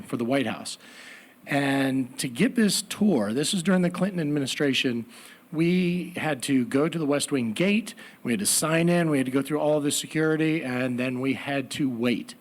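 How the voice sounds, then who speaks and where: A man telling a personal story at a live story slam, animated with comic asides. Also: medium pitch.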